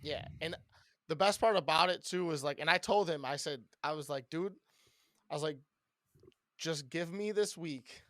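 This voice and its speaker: A man co-hosting a podcast, venting about work in loud, rambling, profane casual chat. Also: on the high side, moderate pace, dry recording, studio quality. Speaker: podcast co-host.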